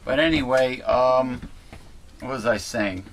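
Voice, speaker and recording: A man's voice: medium pitch, slow pace. A man hosting a casual talk show, rambling and chatty, with many fillers and restarts. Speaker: host.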